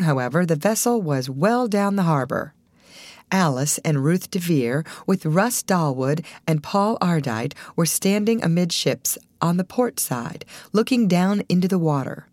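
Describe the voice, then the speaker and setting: A woman reading a classic novel aloud as an audiobook narrator, in an expressive scripted narration. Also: lowish voice, dry recording. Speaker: audiobook reader.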